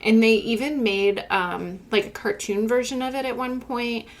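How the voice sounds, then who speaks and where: A woman in her thirties co-hosting a library podcast in casual chat, reflective and trailing off into quiet asides. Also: fairly high pitch, moderate pace. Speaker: podcast co-host, library staff.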